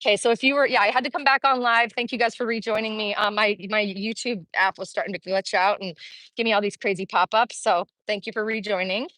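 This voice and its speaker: A woman's voice: mid-range voice, fairly even intonation, brisk, a bit bright, no echo. A woman in her forties, out of breath, chatting while she walks a street outdoors and livestreams from a handheld phone, answering viewer comments. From Kansas City, Missouri. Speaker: Las Vegas real estate vlogger. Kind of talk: live-streamed walking vlog. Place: outdoor street, in summer heat. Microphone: phone held while walking.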